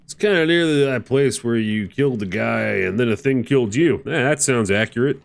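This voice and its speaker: A man streaming a game, giving casual, excitable commentary with swearing and bursts of laughter. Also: medium pitch, moderate pace, creaky.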